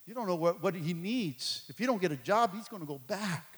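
A man voicing a calm, loving father who gently reassures his faithful son. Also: high-pitched, brisk, breathy edge, in a large hall, voice pushed down, exaggerated voice. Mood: reassuring. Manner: gentle, coaxing.

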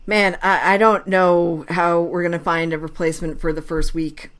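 A woman's voice: lowish voice, little pitch movement, normal speed. Teasing, chatty woman co-host. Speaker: podcast co-host. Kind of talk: casual chat.

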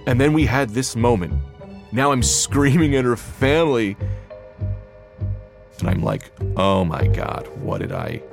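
A young man from New Jersey telling a personal story in a casual, conversational way, getting animated when he relives what he said. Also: mid-range voice, a little slow, gravelly, long pauses. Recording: music underneath.

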